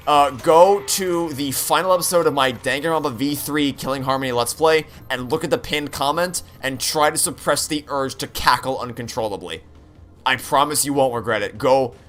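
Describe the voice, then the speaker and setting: A man's voice: medium pitch, a bit bright. A young man streaming a game, rambling candidly with frequent restarts and profanity. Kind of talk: live-stream chat while gaming.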